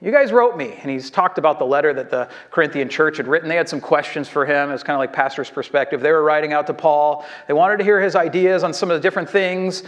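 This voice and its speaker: High-voiced pastor preaching a casual sermon. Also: male voice, steady tone, quick pace, hardly any pauses, a bit bright. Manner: conversational, self-deprecating, with frequent fillers and restarts.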